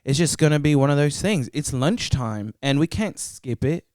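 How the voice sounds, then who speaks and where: A woman hosting a casual podcast interview, chatty and teasing, with a joking, relaxed way of talking. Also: low-pitched, moderate pace, dry recording, clean studio sound. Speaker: podcast host.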